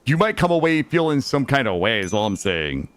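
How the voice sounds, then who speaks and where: A man's voice: medium pitch, big pitch swings, brisk. Playful man streaming a game. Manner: playful, chats with viewers, swears casually. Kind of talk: casual gaming stream chat.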